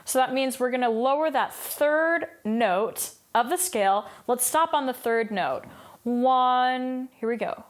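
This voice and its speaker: Woman vocal coach, kinda high voice, upbeat, sings the scales to show you. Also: expressive, a little slow, few pauses. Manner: upbeat, demonstrates by singing scales. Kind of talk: singing lesson with sung exercises.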